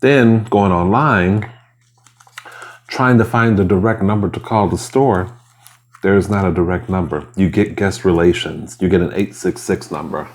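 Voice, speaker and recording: At home, a mukbang vlogger with a low-pitched voice eats and talks at a moderate pace. His casual chatter between bites wanders and carries a mildly aggrieved tone.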